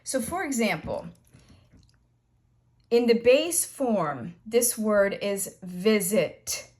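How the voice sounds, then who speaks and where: A woman teaching an English grammar lesson, explaining slowly and patiently with repeated examples. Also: mid-range voice, lively intonation, darkish tone.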